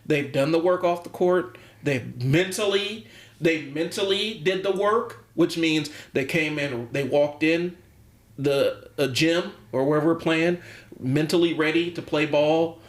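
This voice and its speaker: A basketball coach co-hosts a casual coaching podcast, rambling with plenty of ums and restarts and the odd chuckle. His voice is a little high and his pace measured, and the recording has a roomy echo.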